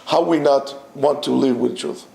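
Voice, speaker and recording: A man teaching a Torah class to students, animated and full of rhetorical questions and restarts. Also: mid-range voice, measured pace, vocal fry, echoey room. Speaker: yeshiva teacher.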